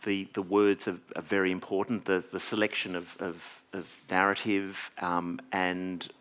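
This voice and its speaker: Low-voiced man asking hesitant questions. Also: little pitch movement, unhurried, fairly bright tone. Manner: hesitant questions, repeats words. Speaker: interviewer, moderator. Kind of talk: live public conversation.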